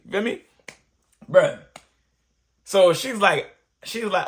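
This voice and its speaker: A young man tells a comic story straight to the camera in a bright, high-pitched voice. His delivery is loose and animated, full of slang fillers. Now and then he jumps into loud, disbelieving exclamations. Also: fast. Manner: animated, peppers talk with "bruh", bursts into shouted exclamations. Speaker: storyteller vlogger.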